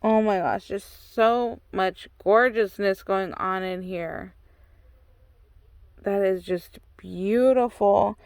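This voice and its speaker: A woman's voice: mid-range voice, slow pace, darkish tone, no echo. A woman hosting a craft channel, opening a swap package and gushing over every piece with constant exclamations. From United States. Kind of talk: excited unboxing chat.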